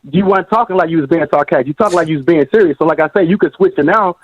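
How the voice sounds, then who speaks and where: A man's voice: on the high side, rapid-fire, dry recording, highs cut off. A male caller on a boxing podcast arguing heatedly and calling people "bro". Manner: argumentative, repeats "bro". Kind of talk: heated podcast call-in debate.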